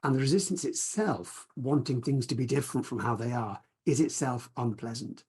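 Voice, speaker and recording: A man teaching mindfulness on a video call, talking in a gentle, reflective way and guiding a short practice. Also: mid-range voice, moderate pace, breathy edge. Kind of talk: teaching talk with guided practice.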